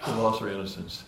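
Earnest preacher in an echoey room. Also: male voice, on the low side, vocal fry, slight background noise. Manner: earnest, repeats and restarts phrases, rises to emphatic peaks. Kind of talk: sermon.

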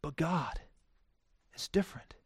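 A male preacher delivering a sermon, swinging from hushed, quiet phrases to loud, emphatic declarations. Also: on the high side, unhurried, slightly rough, no room sound, studio quality.

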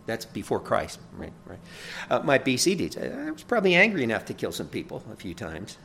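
A pastor delivering a sermon in a conversational teaching manner. He often asks "right?", rises loud for emphasis and then drops soft. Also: medium pitch, huge pitch swings, fairly quick, gravelly, slight background noise.

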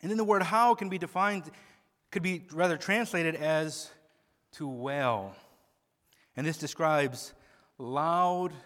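A man preaching an expository sermon, swinging from hushed low tones to loud emphatic peaks and often repeating words as he starts a phrase. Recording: long hall reverb.

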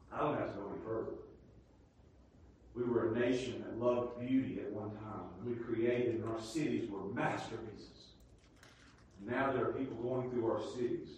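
Impassioned preacher in an echoey hall. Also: male voice, on the low side. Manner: impassioned preaching that swings from hushed to shouting. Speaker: pastor. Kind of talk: sermon. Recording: echoey hall, distant mic, faint hiss.

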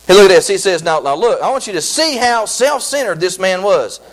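Man, pastor mid-sermon; high, animated delivery, excitable and repetitive. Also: fairly quick, poor audio. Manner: excitable, repetitive preaching with many restarts.

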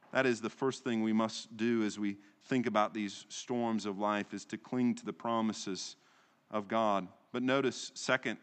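A man's voice: lowish voice, smooth, in a large hall. A man preaching a sermon as pastor, with a rhetorical delivery that rises and falls and often ends points with tag questions.

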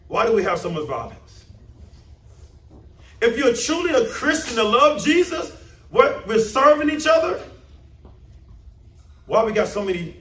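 A man with a high, slightly bright voice preaches to his congregation, climbing into emphatic bursts and peppering them with questions. The echoey church room rings around him, captured from a mic set some distance away.

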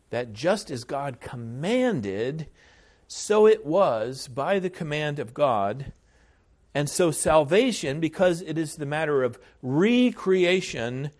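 Slow, deliberate male pastor preaching. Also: mid-range voice, darkish tone. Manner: measured, deliberate, frequent hesitations. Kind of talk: sermon.

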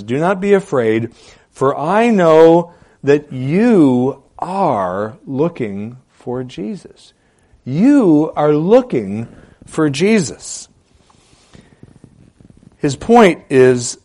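A man preaching a sermon as pastor, asking rhetorical questions and repeating key phrases for emphasis, swinging between loud and soft delivery. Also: fairly high pitch.

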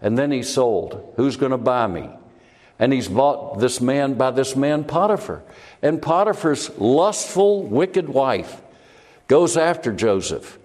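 A man's voice: medium pitch, slow. A male preacher delivers an expository sermon, his voice rising and falling as he asks his listeners questions. His mid-range voice carries a long hall reverb, as if recorded in a church. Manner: animated, rhetorical questions, shifting loudness.

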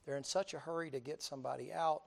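Folksy preacher telling a story. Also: male voice, fairly high pitch, quick pace, gravelly. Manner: folksy, animated storytelling with acted-out voices and sudden loud bursts. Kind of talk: storytelling sermon.

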